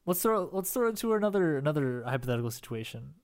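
A man's voice: a little high, big pitch swings, fast talker, smooth. A young man co-hosting a casual chat, rambling and hesitant as he improvises a hypothetical scenario. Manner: rambling, hesitant, restarts often while improvising. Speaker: podcast co-host.

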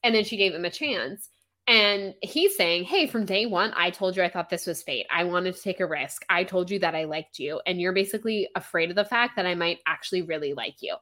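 A woman's voice: lowish voice, brisk, bright, forceful tone. A young adult woman co-hosting a podcast in casual book-club chat, talking in a chatty, giggly way full of "like.". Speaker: podcast co-host.

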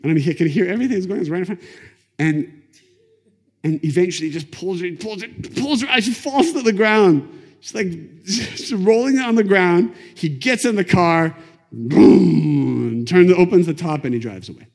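A middle-aged man teaching a class on Kabbalah, telling stories in a lively conversational way. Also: high voice, normal speed. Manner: animated, conversational, acts out quotes. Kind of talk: lecture storytelling. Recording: echoey lecture hall.

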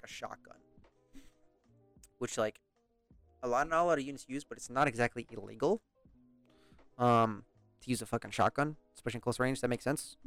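A man's voice: medium pitch, dry recording. Young British man, casual storyteller, swears a lot and laughs along, dry close mic. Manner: rambling, profane, laughs often. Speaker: podcast host.

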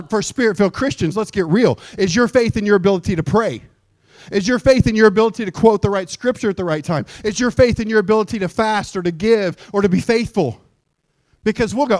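A man preaching a sermon in a church, animated, acting out little scenes with shouts and mock voices. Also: high voice, no room sound, studio quality. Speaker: pastor. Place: church sanctuary.

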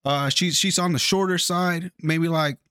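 A man's voice: on the high side, fairly even intonation, a little slow, bright, forceful tone, clean tone, no room sound, studio quality. Rambling, profane man telling a story. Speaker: podcast host. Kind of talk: casual podcast chat.

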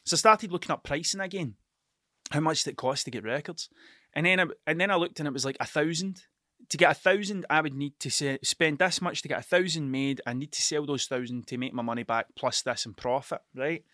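A Scottish man hosting a solo podcast, rambling and swearing freely as he thinks out loud. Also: fairly high pitch, brisk, no room sound, clean studio sound. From Scotland. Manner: rambling, sweary, self-interrupting. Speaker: podcast host. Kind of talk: casual solo podcast monologue.

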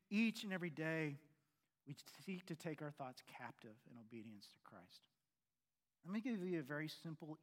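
A man preaching a sermon earnestly, pressing loud questions and then dropping to quiet, low endings.

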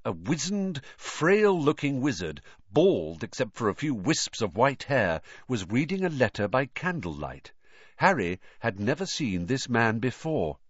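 A man narrating a storybook in an expressive reading style. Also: medium pitch, a little slow, husky, no echo. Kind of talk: audiobook narration. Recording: dull, dry recording.

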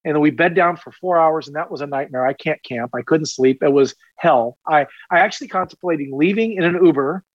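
A man's voice: a little high, a little fast, hardly any pauses, no echo, highs cut off. A man in his fifties, a retired police officer, telling stories in a casual podcast interview with rambling energy and self-deprecating humor.

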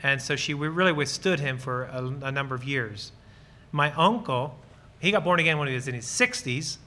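A man's voice: medium pitch, moderate pace, bright, forceful tone. A man from Lancaster County, Pennsylvania, giving an earnest, enthusiastic ministry talk with audience questions and personal stories. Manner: acts out short bits of dialogue while explaining. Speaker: guest speaker on ministry.

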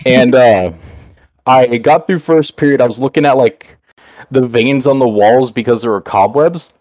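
A man's voice: mid-range voice, normal speed, a little mellow, dry recording, studio quality. Rambling, profane young man telling a story. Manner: rambling and profane, full of fillers. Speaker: podcast host. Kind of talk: casual storytelling chat.

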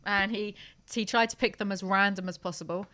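A woman's voice: mid-range voice, steady tone, a little fast, bright, forceful tone. A woman hosting a podcast in brash, joking chat, swearing freely as she banters. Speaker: podcast host.

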